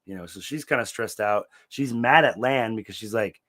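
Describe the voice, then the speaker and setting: A young man with a fairly low voice co-hosts a book recap podcast in loose, casual chat. He is laid-back and swears freely, and he acts out quotes with sudden loud yelps. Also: moderate pace.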